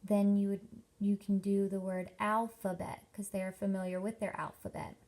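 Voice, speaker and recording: Addressing parents at a workshop, a young female teacher speaks in a medium-pitched, darkish voice with a level tone. Her instructional presentation is slow and careful, packed with examples.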